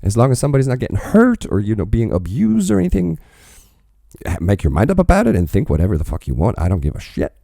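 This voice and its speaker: A man hosting a reaction video, talking in a rambling, profane, animated way about a song. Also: on the low side, quick pace, vocal fry, dry recording, clean studio sound. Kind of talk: casual reaction commentary.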